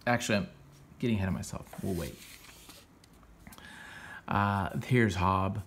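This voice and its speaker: A man's voice: sits low, unhurried, fairly bright tone, slight background noise. A man hosting a comics podcast, casually retelling a story in a loose, rambling way full of fillers and self-corrections.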